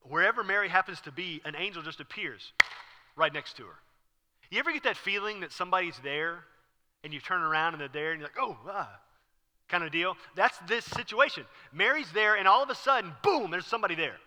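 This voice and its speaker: A man preaching a conversational sermon from a church, his fairly high voice cutting and bright. He explains the scripture as a pastor, acting out moments with sudden loud bursts. A long reverb hangs on every phrase. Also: lively intonation, fairly quick.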